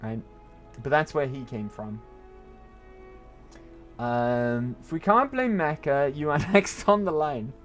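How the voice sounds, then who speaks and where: A man chatting and joking loosely while streaming a video game, rambling and swearing now and then. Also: medium pitch. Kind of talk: casual gameplay commentary.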